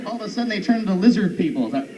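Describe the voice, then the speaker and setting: Male stand-up comic, a bit high, animated and silly; distant, lo-fi, hissy live tape. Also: racing. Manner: animated, jumps into high silly voices for bits. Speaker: stand-up comedian. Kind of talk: stand-up comedy set. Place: comedy club stage. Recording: dull old recording from far off, noisy.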